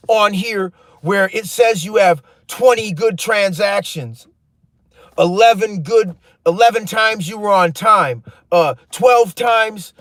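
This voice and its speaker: A storytelling vlogger in his thirties, with a high, fairly bright voice, tells his viewers a heated, profane story in a casual, rambling way, calling them "you guys." The recording is dry.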